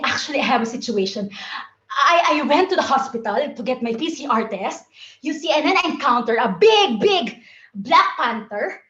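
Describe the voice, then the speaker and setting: A woman's voice: high voice, expressive, normal speed, fairly bright tone, reverberant, highs cut off. A woman from the Philippines giving a playful, theatrical tall-tale speech over a video call. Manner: playful, theatrical, acts out phone calls. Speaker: contest speaker.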